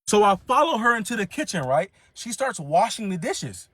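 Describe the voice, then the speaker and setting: Casting: a young man, slightly high voice, cursing and animated, telling a story in a dry, close recording. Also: normal speed, no echo. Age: 20s. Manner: animated, profane slang. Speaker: vlogger. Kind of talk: casual storytelling.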